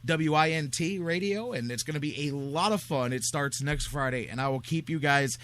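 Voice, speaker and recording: Excitable male sports radio host, bright voice pitched a little high, rambling monologue. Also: moderate pace. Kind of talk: casual sports talk show monologue.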